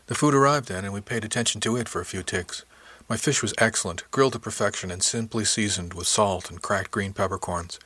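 A man giving a measured, even first-person audiobook narration. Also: lowish voice, no room sound.

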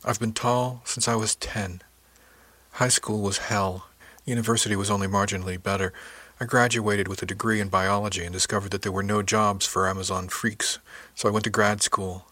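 A man narrating an audiobook voices a frank, friendly woman spacer, speaking candidly and matter-of-factly, in his own low-pitched voice. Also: little pitch movement, moderate pace, bright, forceful tone, no room sound. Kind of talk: audiobook character voice.

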